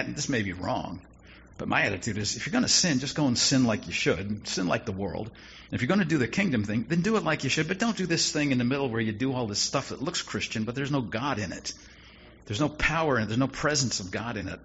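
A man's voice: lowish voice, gravelly, fairly bright tone. A man preaching a sermon in a conversational style, with wry asides and rising emphasis. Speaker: pastor. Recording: dull lo-fi sound with faint noise.

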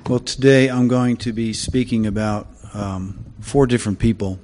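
A man giving a sermon, opening with prayer and then telling Bible stories in a halting way with many fillers. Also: mid-range voice, darkish tone, in a large hall. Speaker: preacher.

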